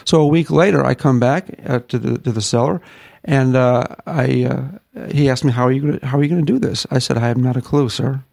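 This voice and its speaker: Gravelly middle-aged man telling a story. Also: medium pitch, brisk, dry recording. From northern United States. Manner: folksy, animated storyteller acting out quotes. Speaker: guest, ministry founder. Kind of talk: storytelling interview.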